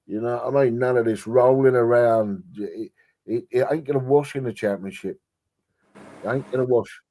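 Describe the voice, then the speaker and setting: A man, chatting about football with mates on a podcast. He tells stories in an animated, sweary way, at an ordinary middle pitch. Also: moderate pace. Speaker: podcast co-host. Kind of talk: casual chat.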